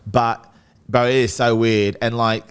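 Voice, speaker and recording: A man's voice: medium pitch, level tone, unhurried, clean tone. Laid-back young man. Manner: laid-back, rambling, says "bro" and "like" often. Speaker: guest, rugby league player. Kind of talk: casual interview chat.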